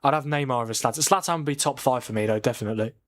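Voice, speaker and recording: Here a host talks rapid-fire in a slightly bright, medium-pitched voice during a live football watchalong, casually arguing points and responding to comments from his audience.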